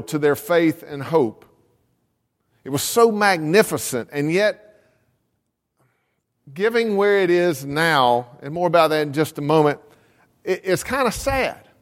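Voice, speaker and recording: A man's voice: sits high, long reverb tail. A man who is a pastor, preaching a storytelling sermon and repeating words as he restarts his sentences.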